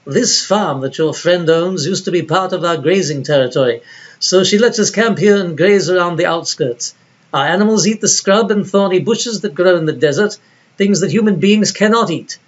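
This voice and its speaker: A man voicing a proud male Bedouin herder in a measured, stately accent from an old film, in a dull lo-fi recording. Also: high-pitched. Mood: lecturing.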